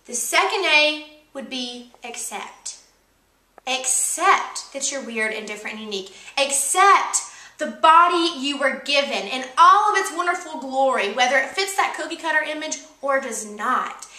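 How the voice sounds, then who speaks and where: A young woman with a high, bright voice gives an upbeat, emphatic motivational talk and keeps coming back to key words. She is recorded indoors, and the room echoes around her. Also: animated, a little slow. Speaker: co-host. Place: indoor room with a kitchen counter.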